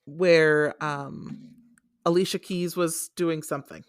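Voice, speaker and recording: A woman's voice: deep voice, fairly even intonation, slow pace, dry recording, studio quality. A woman co-hosting a casual podcast, telling a story in a chatty way with many fillers and restarts. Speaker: podcast co-host.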